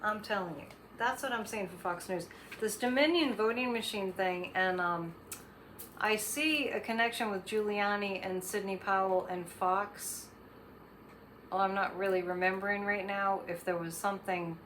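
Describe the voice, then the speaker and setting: A woman's voice: medium pitch, moderate pace, a bit bright, a little hiss or hum. A woman hosting her own show, giving psychic readings in a rambling, casual monologue full of fillers and restarts. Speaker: psychic host.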